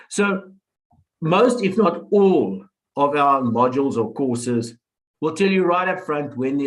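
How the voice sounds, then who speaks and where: A lecturer in his sixties, his voice on the high side, gives new students an orientation talk over a webinar, emphatically repeating key advice. The audio is poor, captured through a computer mic.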